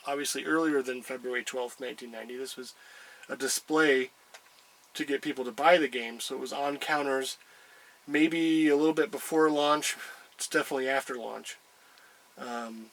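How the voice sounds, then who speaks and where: A man's voice: medium pitch, fairly even intonation, normal speed, pauses often, fairly bright tone, rough recording. A man casually showing a collectible item, rambling with many hesitations. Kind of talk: casual chat.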